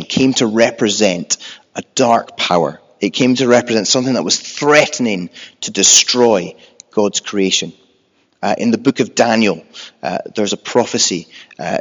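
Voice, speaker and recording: A man preaching with a lowish voice, earnest and conversational, who now and then acts out frightened cries from the story. The sound rings in a long hall echo. The recording is dull and lo-fi. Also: fairly bright tone. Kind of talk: sermon.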